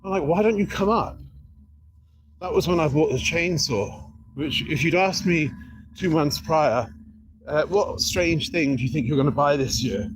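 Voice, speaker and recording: A man chatting casually on a livestream outdoors beside an apartment building, rambling and repeating himself insistently with halting restarts. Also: a little high, background noise.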